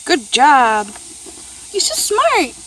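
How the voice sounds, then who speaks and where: A young mother chats her way through a casual home vlog in a high voice, rambling with fillers and laughing as she talks to her little ones. She films herself one-handed on a handheld camera outdoors at home. A faint hiss of background noise sits under her voice. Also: huge pitch swings, drawn-out words, a bit bright. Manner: chatty, rambling with many fillers, laughs often, coos at her children. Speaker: vlogger and mother. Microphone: handheld camera, filming one-handed.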